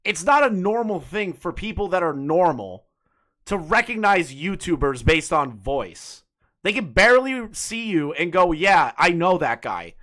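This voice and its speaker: A man's voice: high-pitched, very animated, a little slow, bright, forceful tone. A young man hosting a casual call, talking bluntly and rambling with plenty of profanity. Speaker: streamer host.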